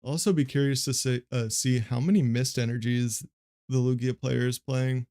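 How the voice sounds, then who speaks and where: Here a young streamer talks through a card game in a rambling, offhand way, flat and monotone, padding his commentary with fillers. The voice is mid-range and the pace moderate.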